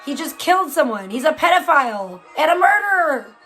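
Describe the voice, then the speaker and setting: A high-pitched woman talks straight to her livestream chat. She swears freely and speaks bluntly and heatedly, like she's venting to friends from a home streaming setup. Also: very animated, fairly quick, fairly bright tone, soft background music. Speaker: livestream host. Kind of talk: casual live-stream chat with viewers.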